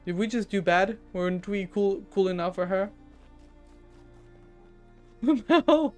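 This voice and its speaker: A woman's voice: medium pitch, fairly even intonation, a little fast, faint music behind. A woman streamer with a French accent, chatting casually while gaming, teasing herself, stammering and giggling.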